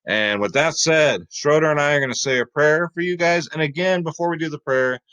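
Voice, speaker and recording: A man's voice: fairly high pitch, a little fast, fairly bright tone, clear, resonant tone. A man hosting a casual fantasy sports picks video, upbeat and chatty, talking straight to his viewers.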